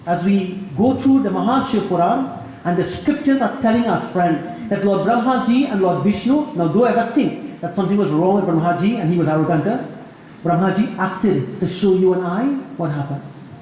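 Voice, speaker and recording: A Trinidadian pundit gives a lively sermon, mixing scripture with jokes and often calling out to his friends. His voice is high and booms through a very echoey hall, with faint ambience underneath. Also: normal speed, slight background noise. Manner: lively storytelling, addresses listeners as friends.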